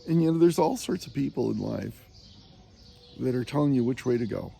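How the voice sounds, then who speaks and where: A man's voice: mid-range voice, lively intonation, a little fast, gravelly, mellow, husky. A man recording a casual spoken meditation on a walking pilgrimage, rambling and hesitant with many fillers and frequent chuckles. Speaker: pilgrim vlogger.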